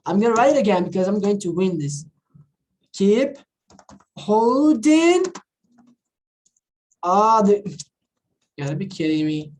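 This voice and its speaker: On a low-quality recording, a woman with a medium-pitched voice talks briskly while leading an online English class in a foreign country. She's casual and chatty, checks in with students through frequent "all right, guys?", and drifts into Portuguese.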